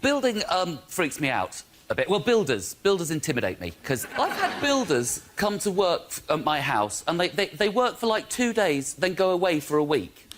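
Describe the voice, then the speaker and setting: A man's voice: fairly high pitch, big pitch swings, normal speed, few pauses, fairly bright tone. Anxious self-deprecating man in stand-up. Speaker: comedian panelist. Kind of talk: stand-up comedy bit. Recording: noisy studio recording.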